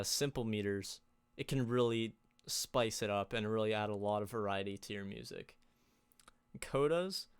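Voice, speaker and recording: Relaxed young man teaching, smooth dry voice. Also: mid-range voice, no room sound. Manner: relaxed, many fillers and restarts. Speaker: music theory presenter. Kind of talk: casual lesson with slides.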